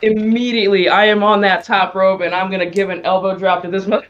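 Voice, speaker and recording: A man's voice: high voice, little pitch movement, brisk, fairly bright tone, highs cut off. A man playing a tabletop wrestling game, eager and casually swearing. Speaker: player.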